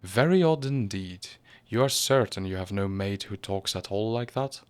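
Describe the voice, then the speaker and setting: A calm, gently obstinate priest, as a male reader puts him on in a storybook reading. His tone stays measured and low-pitched, firm without ever raising itself. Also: clean tone, dry recording, lightly acted. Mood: gentle, firm.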